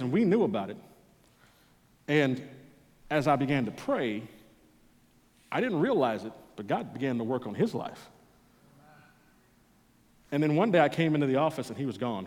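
A male pastor delivers a sermon in a mid-range voice, telling a personal story. He shifts from loud, mock-pleading bursts to low, quiet intensity. His voice rings out with a long reverb, as in a large hall.

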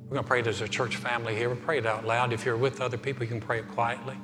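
A male pastor preaching a sermon in a church sanctuary, building to fervent emphasis and then softening into quiet prayer. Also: mid-range voice, level tone, rapid-fire. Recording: long hall reverb, faint music.

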